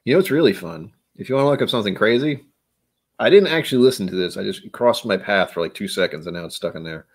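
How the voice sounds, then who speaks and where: Guy chatting on a whiskey stream, kinda low voice, rambly and jokey. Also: expressive, quick pace, breathy edge. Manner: rambling, jokey, talks to chat. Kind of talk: casual live-stream chat.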